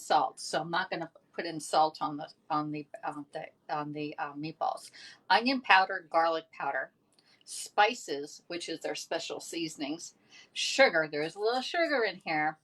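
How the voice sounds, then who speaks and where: A woman's voice: sits low, moderate pace, fairly bright tone. A woman hosting a casual cooking demonstration, chatty and rambling, often laughing at herself. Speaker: home cooking host. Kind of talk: casual cooking demo chat.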